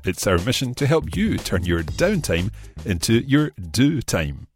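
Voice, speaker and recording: Lively, patient male language teacher. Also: medium pitch, soft background music. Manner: patient, careful, slows down to model phrases. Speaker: language teacher and podcast host. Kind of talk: explanatory lesson narration.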